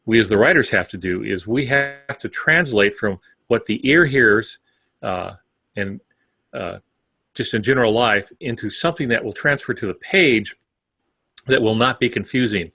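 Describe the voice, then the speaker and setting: A man with a fairly low voice co-hosts a writing podcast and works through his points in long, rambling turns. The sound is dry and close, with no room around him. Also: expressive, moderate pace, bright, forceful tone, breathy edge, no room sound. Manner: rambling, filler-heavy explanations. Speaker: podcast co-host. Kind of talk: casual discussion.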